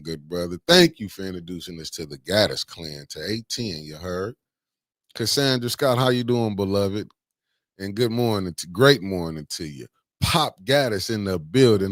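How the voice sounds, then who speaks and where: A man hosting a casual morning livestream, greeting viewers by name with slangy, animated banter. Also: low voice, normal speed, no echo, clean studio sound. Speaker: livestream host.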